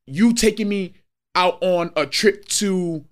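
A man's voice: sits high, slow. A man talking in a casual group chat, preachy and profane, and he keeps repeating "you feel me".

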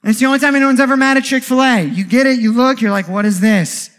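A man preaching a sermon as pastor, animated, with jokey asides and rhetorical questions. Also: very high-pitched, quick pace.

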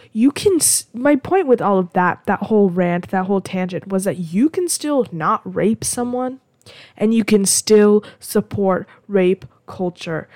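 A woman's voice: medium pitch, darkish tone, no room sound. A young woman hosting her own podcast episode, talking in a heated, impassioned way with lots of restarts. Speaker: podcast host. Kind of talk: casual solo rant.

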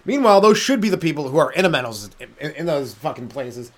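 A young man riffs on his own comedy podcast, rambling from one crude joke to the next and laughing at himself. His voice sits slightly higher than most men's. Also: very animated, fast. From Canada. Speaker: stand-up comedian podcast host. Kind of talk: solo comedic rant.

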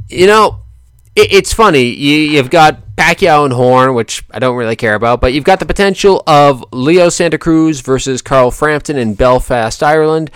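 A man gives rambling, joking boxing commentary, often correcting himself and laughing. His medium-pitched voice has lively intonation, a moderate pace, and a fairly bright, clear, resonant tone, recorded dry in studio quality.

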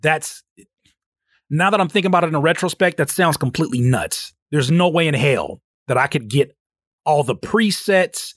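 Male podcast host, 30s, casual storyteller, pitch swings up a lot when he quotes himself, slightly high voice. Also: animated, moderate pace, a bit bright, no echo. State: sleep-deprived. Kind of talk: casual solo podcast monologue.

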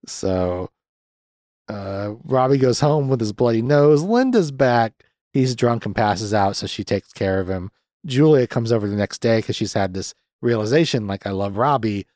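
On his podcast, a young man runs through a film's plot in a laid-back, sardonic style full of swearing and filler words. He speaks at a normal pace with an expressive, somewhat mellow medium-pitched voice, captured cleanly in a studio without room sound.

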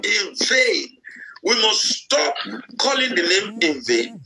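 A man's voice: high-pitched, big pitch swings, slow pace, creaky, pushed and bright, rough recording. A man preaching a sermon with fervent, repetitive exhortation and acted-out quotes.

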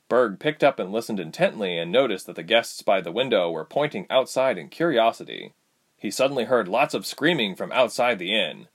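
A man reading a fantasy story aloud as narrator. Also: fairly low pitch.

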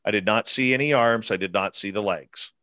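Speaking a little fast in a pushed, bright voice on the low side, a man in his forties recounts an encounter as an interviewee. His animated personal storytelling is emphatic and repetitive, with quotes acted out. There's no room sound.

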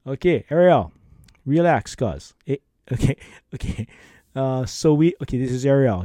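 A man's voice: mid-range voice, expressive, normal speed, mellow, no room sound, studio quality. A man with a Hawaiian Pidgin accent, hosting a casual podcast and reading listener emails with a playful, laid-back manner. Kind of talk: casual chat.

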